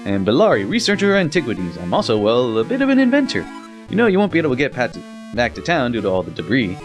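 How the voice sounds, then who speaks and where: A man's voice: medium pitch, wildly swooping pitch, fast talker, faint music behind. A man reading as an eager scholar inventor.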